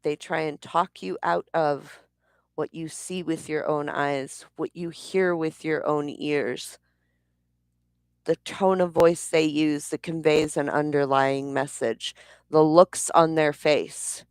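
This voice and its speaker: A woman's voice: low voice, fairly even intonation, takes it slowly, darkish tone, smooth, dry recording, clean studio sound. A woman vlogger telling a personal story in a blunt, heated way, swearing freely. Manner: blunt, profane, heated retelling.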